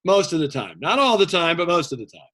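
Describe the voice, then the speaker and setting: A man's voice: on the high side, big pitch swings, quick pace, bright, forceful tone. A man teaching a casual history class, chatty, making joking asides and using plenty of fillers.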